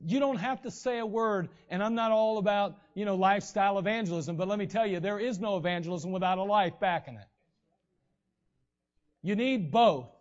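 A man's voice: sits high, normal speed. A man preaching a sermon in a conversational way, acting out the voices of the people he quotes. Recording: dull, lo-fi recording.

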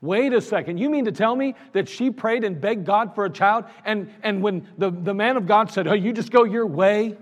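A man's voice: sits high, moderate pace, hardly any pauses. A man preaching a sermon as pastor, in an earnest, conversational way with lots of repetition. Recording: long reverb of a large hall.

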